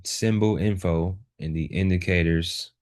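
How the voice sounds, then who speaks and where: Brief: low-pitched male instructor, unhurried delivery, repeats words for emphasis. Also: fairly even intonation, a little mellow. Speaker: trading instructor. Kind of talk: live chart walkthrough lesson.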